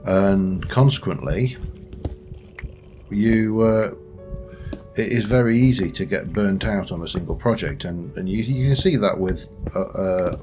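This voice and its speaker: A man's voice: low-pitched, measured pace, a little mellow. A man giving casual, meandering let's play commentary and talking to the creatures in his game as he plays. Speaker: gaming channel host. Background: faint background music.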